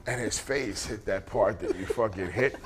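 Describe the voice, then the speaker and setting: A man's voice: lowish voice, normal speed, background noise. A middle-aged man, a pro wrestler, telling a crude road story as an interview guest, swearing constantly and laughing through it. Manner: profane, laughs through his own stories. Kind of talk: casual storytelling anecdote.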